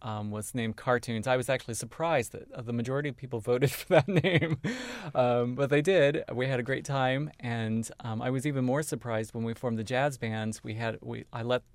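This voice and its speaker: A man's voice: mid-range voice, moderate pace, hardly any pauses, dry recording. A man who directs a community band, talking in a casual radio interview with many fillers. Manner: friendly, many "um" fillers, informative.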